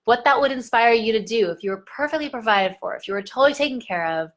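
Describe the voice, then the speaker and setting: A middle-aged woman giving an earnest motivational talk as a confidence coach, guiding gently and stretching key words for emphasis. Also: on the high side, lively intonation, fast talker. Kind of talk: motivational self-help talk to camera.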